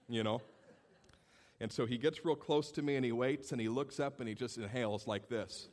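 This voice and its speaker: A male pastor preaching a sermon, telling stories in an animated way and acting out the people in them. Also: medium pitch, moderate pace. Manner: animated storytelling, acts out the people in his stories.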